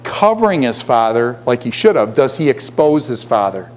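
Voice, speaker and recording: A man's voice: medium pitch, big pitch swings, moderate pace, slight background noise. A middle-aged man teaching a class, lecturing and constantly posing questions to his students. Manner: poses frequent questions to the class.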